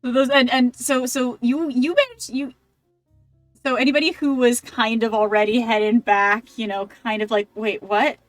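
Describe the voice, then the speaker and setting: A woman's voice: a little high, steady tone, normal speed, no room sound, faint music behind. A woman running a tabletop game as game master, rambling with many restarts.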